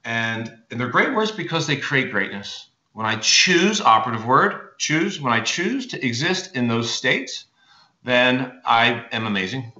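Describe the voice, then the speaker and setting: An energetic male motivational speaker drives his points home with crisp, bright emphasis. The sound is roomy and a little dull, like a lo-fi recording in an echoey space. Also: medium pitch, unhurried. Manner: energetic, emphatic, with many checking "right?" and "okay?" asides. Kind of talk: motivational talk to an audience.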